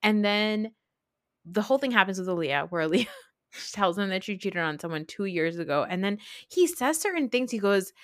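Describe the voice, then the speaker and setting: A woman podcast host in casual, expressive chat with quick asides. Her pitch moves a lot, and she sits at a middling pitch, recorded dry with no room sound. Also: no echo.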